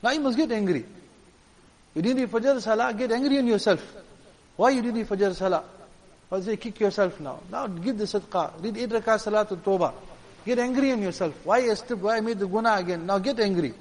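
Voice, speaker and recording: A man's voice: high voice, a little fast, a little mellow, big-room sound, poor audio. A man preaching a sermon in an earnest, emphatic way, hammering home points with repeated phrases. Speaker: religious preacher.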